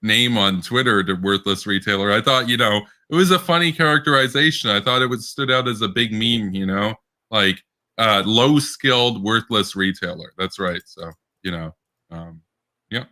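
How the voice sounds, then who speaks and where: A man co-hosts a casual political podcast in a low voice with a sharp, forceful edge. He rambles, doubles back on his words and laughs often as he talks. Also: moderate pace. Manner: rambling, with frequent restarts and laughter. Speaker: podcast co-host.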